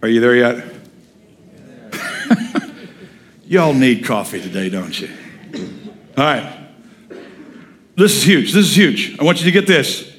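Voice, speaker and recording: A middle-aged male pastor preaching a folksy, animated sermon in a church and quizzing the congregation as he goes. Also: mid-range voice, slow, pauses often, slight background noise. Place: church sanctuary.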